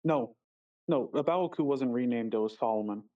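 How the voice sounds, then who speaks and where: A man's voice: mid-range voice, normal speed. A man playing a tabletop game over a muffled, distant mic, narrating his character's actions in third person. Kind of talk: casual in-character chat over voice call.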